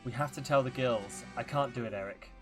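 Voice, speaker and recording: A man's voice: mid-range voice, fairly quick, music in the background, natural voice. Man reading as a grieving, pleading queen. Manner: reads the dialogue aloud with emotion. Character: grieving middle-aged queen, anxious and pleading.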